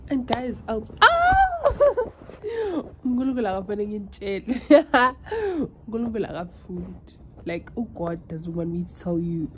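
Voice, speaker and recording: A South African vlogger in her twenties chats casually and emotionally, switching languages mid-sentence. Her mid-range voice has lively intonation and an unhurried pace, with background noise present.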